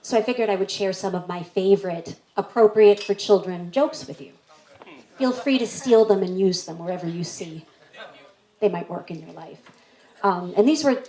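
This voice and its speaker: A woman's voice: medium pitch, normal speed, dark tone. A woman hosting a community storytelling event, playful, telling children's jokes between stories. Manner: playful, tells kids' jokes with acted voices. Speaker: event emcee. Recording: echoey hall.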